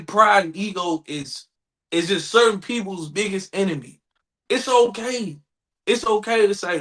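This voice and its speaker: A man's voice: high-pitched, lively intonation, moderate pace, bright, forceful tone. A man co-hosting a podcast in casual chat, riffing in a preachy way and acting out imagined replies. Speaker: podcast co-host.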